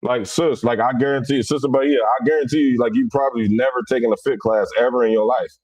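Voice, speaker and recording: A man's voice: medium pitch, quick pace, dry recording. Blunt man from Cincinnati livestreaming. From Cincinnati, USA. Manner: blunt, animated, rough-edged. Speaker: livestream host. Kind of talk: casual livestream talk.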